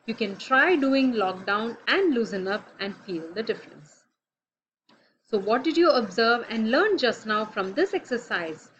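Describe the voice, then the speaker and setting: A woman delivers a recorded lecture in a clear, deliberate teaching manner. Her voice sits a little high, and the recording sounds slightly muffled with a faint hiss underneath. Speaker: dentistry lecturer.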